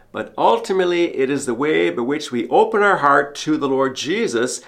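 A man's voice: medium pitch, a bit bright. Earnest man preaching a homily. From Canada. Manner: earnest, repeats a refrain for emphasis. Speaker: priest hosting a podcast homily. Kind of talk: sermon.

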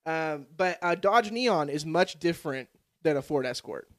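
A man's voice: fairly high pitch, lively intonation, normal speed. A young man hosting a podcast, telling a story in casual chat and swearing freely. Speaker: podcast host.

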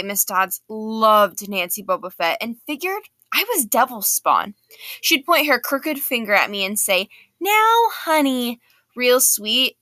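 Bright-voiced woman reading a novel. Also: fairly high pitch, no echo. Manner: lively, expressive narration. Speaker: audiobook reader. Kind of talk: first-person novel reading.

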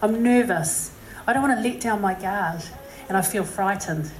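A woman's voice: mid-range voice, normal speed, a little hiss or hum. Chatty New Zealand woman in a roomy hall. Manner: chatty, self-deprecating, with many "you know" fillers. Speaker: singer speaking to an audience. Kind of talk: personal story and encouragement talk. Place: live venue with an audience.

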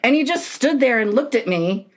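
A woman in her thirties co-hosting a podcast, telling a story in a profane, animated way with loud bursts. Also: fairly high pitch, normal speed. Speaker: podcast co-host. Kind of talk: casual chat.

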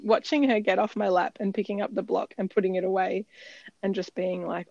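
A woman with a medium-pitched, slightly mellow voice speaks at a measured pace while co-hosting a podcast. Her personal story is told in an earnest, reflective manner with frequent ums, as casual storytelling chat. No echo is present, and the dry sound is slightly dull.

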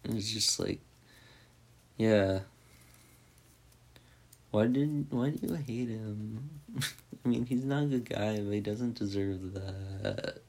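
Man, lowish voice, slow unhurried delivery, loose rambling recap with swearing. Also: a little mellow. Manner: rambling, heavy with "like" fillers, swears freely. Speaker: movie reviewer. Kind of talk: casual spoken movie recap.

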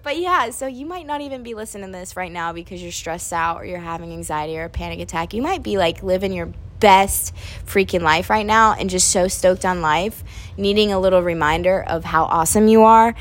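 A woman's voice: lowish voice, brisk. Young woman podcast host, casual, teary and laughing, curses a lot. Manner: tearful, laughing, swears freely. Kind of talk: emotional casual chat.

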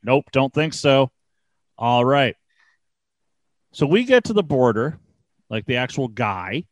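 A man's voice: medium pitch, slow pace, no room sound. A man hosting a podcast, casually telling a road-trip story, swearing often and acting out the dialogue. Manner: animated, swears freely, acts out dialogue. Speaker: podcast host.

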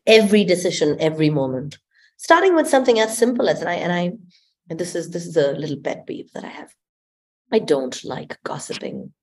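Woman, lowish voice, expressive guest coach who tells stories and laughs often. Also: a little fast. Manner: expressive storyteller, laughs often and acts out quotes. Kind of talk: spiritual conversation.

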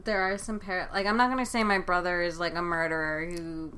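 Chatty young woman, smooth bright voice. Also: on the low side, steady tone, a little fast. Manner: chatty, heavy use of 'like' and 'you know'. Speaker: podcast co-host. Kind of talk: casual chat.

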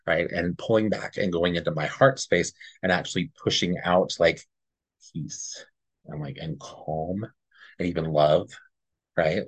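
A man's voice: low-pitched, steady tone, a little slow, husky, dry recording. A man co-hosting a podcast, earnestly telling a personal story in a rambling, casual way and often checking in with "right?". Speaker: podcast co-host.

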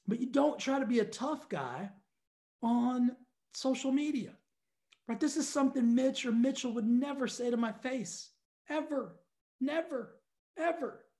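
A fitness studio owner telling viewers a story in a casual, exasperated rant, talking straight to the camera. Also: male voice, very high voice, unhurried, dark tone.

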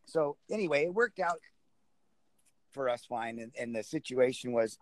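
A man's voice: medium pitch, expressive, normal speed, no echo. A man, chatting outdoors on a video call and rambling through old stories with chuckles. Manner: rambling, chuckling, restarts a lot. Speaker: guest, former speedway rider. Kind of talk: casual storytelling chat.

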